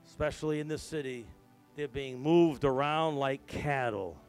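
A middle-aged man preaching a sermon as a pastor, telling a story that swings from hushed to loud and emphatic. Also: mid-range voice, moderate pace, faint music behind.

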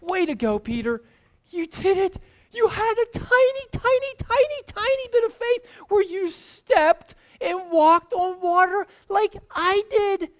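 A woman preacher voicing a joyful, encouraging adult man who praises his follower with drawn-out emphasis. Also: extremely high pitch, lively intonation, voice pushed up. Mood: jubilant.

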